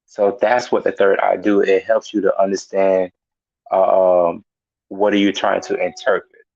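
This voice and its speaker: Low-voiced man teaching in halting casual talk. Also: little pitch movement, vocal fry, a little mellow, no room sound. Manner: halting, repeats words, laughs at himself. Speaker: host. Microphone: headphones and mic. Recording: muffled lo-fi sound.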